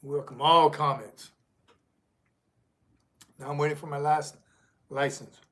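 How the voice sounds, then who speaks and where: A man's voice: fairly high pitch, level tone, slow, bright, forceful tone. A middle-aged man, a retired Marine sergeant major, hosting a casual livestream and rambling as he reads viewer comments aloud.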